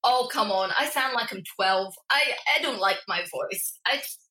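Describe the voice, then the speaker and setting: A woman's voice: mid-range voice, moderate pace, bright, forceful tone, reverberant, a little hiss or hum, poor audio. An Australian woman, a guest in a casual remote interview, chatty and self-deprecating.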